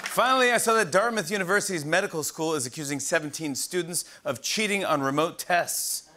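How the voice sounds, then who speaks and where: Male late-night host, slightly high voice, loud crowd and room noise behind. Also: fairly quick. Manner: giggly, breaks into laughter at his own jokes. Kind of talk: comedy monologue. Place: TV studio with live audience. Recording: broadcast with loud audience laughter.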